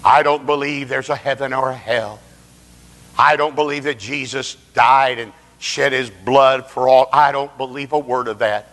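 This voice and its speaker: A male preacher voicing a dying teenage boy who flatly refuses to believe, in a sermon recorded in a reverberant hall. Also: mid-range voice, normal speed, lightly acted. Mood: defiant. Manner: flat, unbelieving. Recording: long reverb of a large hall.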